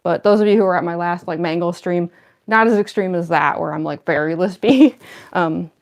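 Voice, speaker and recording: Her voice is on the low side and she keeps a moderate pace. A young cosplayer getting into costume on a livestream, she chats casually in a rambling, filler-heavy, self-deprecating way, with a slight lisp caused by her costume fangs.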